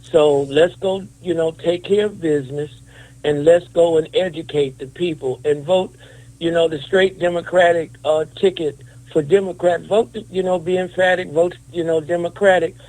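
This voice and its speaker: A man's voice: high-pitched, darkish tone, rough recording. A man on a talk show panel giving a rallying, colloquial last word on voting. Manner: rallying, repetitive slogans, colloquial. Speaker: panel guest. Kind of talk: rallying closing remarks.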